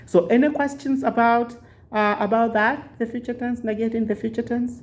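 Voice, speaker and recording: A man teaching a language lesson on a video call, patient and repetitive, pausing often with filler sounds. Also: extremely high pitch, fairly even intonation. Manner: patient, repeats words slowly, many filler uhs. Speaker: Swahili teacher.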